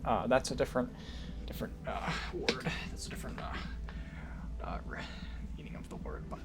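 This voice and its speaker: A man's voice: mid-range voice, expressive, moderate pace, whispered, music in the background. A man casually chatting to his viewers while playing a game on a livestream, rambling with jokey asides. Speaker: streamer. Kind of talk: casual gaming livestream chat.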